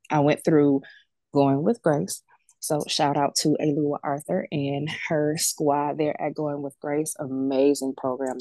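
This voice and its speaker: A woman's voice: extremely low pitch, a little mellow, no room sound. A woman working as a death doula and medium, speaking candidly and colloquially as a podcast guest, acting out the voices in her stories. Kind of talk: casual heartfelt interview talk.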